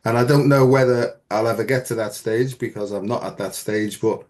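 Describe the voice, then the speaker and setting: A man hosting a casual conversation, talking in a calm, agreeable, reflective way. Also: medium pitch, moderate pace. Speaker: host.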